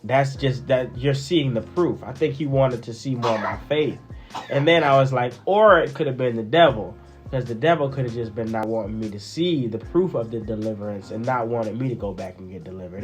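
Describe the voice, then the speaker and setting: A man tells his story in a loose, animated way, stumbling over repeated words and fillers as he goes. Faint music plays under his voice. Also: lowish voice. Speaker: husband sharing a testimony. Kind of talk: casual testimony storytelling.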